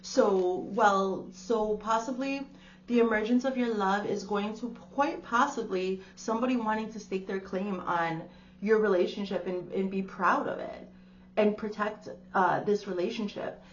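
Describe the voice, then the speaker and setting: A chatty woman reads tarot cards aloud in a loose, exclaiming way, calling her listener darling. Her voice sits at a middle pitch. The recording is dull and lo-fi, with a faint hum underneath. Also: measured pace. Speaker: tarot reader. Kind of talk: casual spiritual reading to camera.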